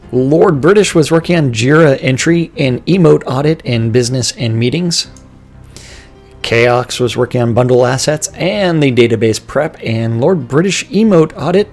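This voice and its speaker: Livestream host, a man of average pitch running through a team update list. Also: faint music behind. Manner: brisk list-reading, breaking into laughing banter.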